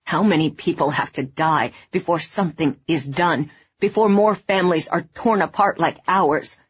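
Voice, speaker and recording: A woman's voice: fairly low pitch, normal speed, breathy edge, muffled recording. A woman voicing a grieving man whose brother, a pilot, has died. He speaks in a shaky, accusing voice. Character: grieving adult son of a dead pilot.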